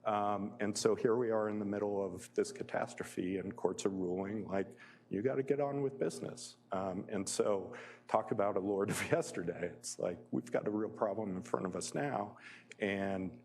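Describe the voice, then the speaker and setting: A man's voice: on the low side, steady tone, moderate pace, darkish tone. A man giving a public lecture as a guest speaker, conversational and full of fillers, often chuckling as he tells personal stories.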